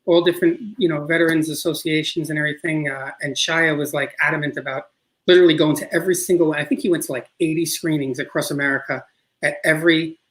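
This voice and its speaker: A man's voice: fairly high pitch, fairly even intonation, fast talker, a bit bright, low-quality recording. Rambling middle-aged New York man. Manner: rambling, many restarts and "you know". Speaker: filmmaker guest. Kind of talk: casual interview chat.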